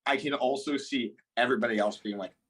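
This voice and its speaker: A man chats bluntly on a livestream, filling his talk with "like" and laughing easily. His voice is a little husky and sits at an ordinary middle pitch. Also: fast talker, fairly bright tone. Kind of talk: casual chat.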